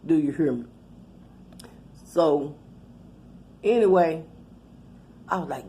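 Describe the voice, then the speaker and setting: A woman's voice: low voice, slow, long pauses, a little mellow, a little hiss or hum. A middle-aged woman telling a rambling, profane, laughing story in casual chat. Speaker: channel host.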